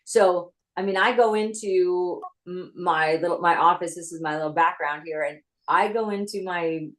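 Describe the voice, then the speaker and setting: In a rough-sounding video call interview, a former actress turned screenwriter recounts her story from her home office. She's lively and talkative, with a lowish voice at a moderate pace.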